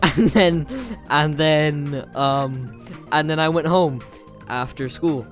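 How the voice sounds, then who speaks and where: A man's voice: a little high, steady tone, slow pace, soft background music. A man with an Irish accent hosting a casual storytime chat, rambling and laughing at his own jokes. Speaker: channel host.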